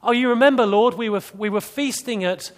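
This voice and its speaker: A man's voice: high-pitched, brisk, pitched above the performer's own voice, natural voice. A man voicing the grumbling Israelites in a sermon, as an exaggerated, self-pitying whine. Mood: mocking whine.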